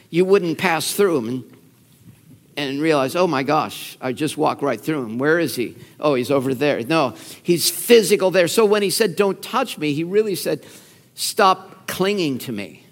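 A man preaching a sermon, telling the story with feeling and acting out the quoted lines. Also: fairly high pitch. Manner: animated storytelling, acts out quotes, laughs. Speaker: pastor. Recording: long reverb of a large hall.

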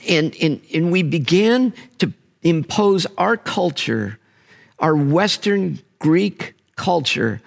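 Male pastor, sermon, gravelly, lively rising and falling pitch, slow deliberate delivery. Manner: animated preaching, emphatic drawn-out words.

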